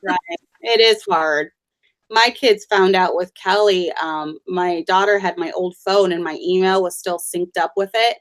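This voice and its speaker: A woman's voice: lowish voice, fairly even intonation, a little slow. A woman hosting a conversation, chatty and storytelling, often laughing between anecdotes. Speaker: host.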